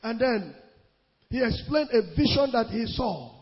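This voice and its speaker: A male preacher with a very high, husky voice. He preaches emphatically, draws out scripture quotes, and builds into shouts. The recording is dull and lo-fi, with a long hall reverb trailing each phrase. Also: sing-song, a little slow. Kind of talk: sermon.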